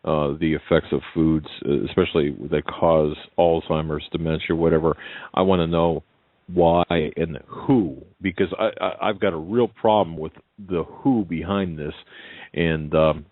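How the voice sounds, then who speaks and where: Brief: low-voiced male host, halting questions, phone-line sound. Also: fairly even intonation, dry recording. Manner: halting, many restarts and fillers. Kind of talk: radio interview. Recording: tinny phone line, dry.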